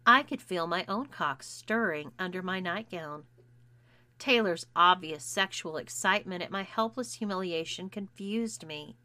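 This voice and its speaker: A woman narrating a first-person story in a measured, intimate reading. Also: fairly low pitch, lively intonation, pushed and bright, no room sound. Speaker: audiobook narrator.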